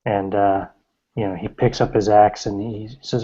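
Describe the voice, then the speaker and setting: A man narrating as game master of a tabletop game, describing scenes with halting fillers. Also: on the low side, little pitch movement, dark tone. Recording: dull lo-fi recording.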